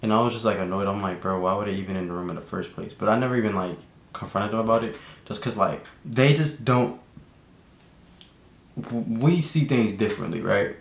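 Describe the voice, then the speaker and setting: A young man telling a casual storytime vlog, slangy and animated, with lots of fillers. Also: a little fast, creaky. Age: young adult. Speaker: vlogger. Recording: echoey room with faint rumble.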